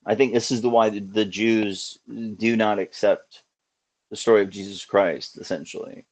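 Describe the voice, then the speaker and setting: A man's voice: on the low side, fairly even intonation, normal speed, darkish tone. A man hosting a casual live call-in show, talking in an earnest, musing way with many restarts.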